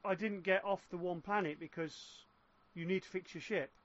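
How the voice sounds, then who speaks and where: Guy rambling on about a game, kinda high voice, muffled lo-fi sound. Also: fairly even intonation, moderate pace. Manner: rambling, explaining at length with restarts. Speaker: gamer in casual chat. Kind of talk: casual chat. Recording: muffled lo-fi voice chat.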